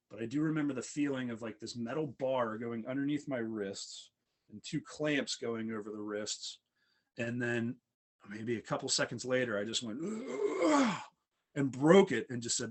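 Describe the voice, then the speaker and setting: A young man recounts a wild night in a loose, rambling way, with plenty of fillers and restarts. His voice sits at a middle pitch for a man, and his delivery stays relaxed and conversational. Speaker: storyteller. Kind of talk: casual storytelling.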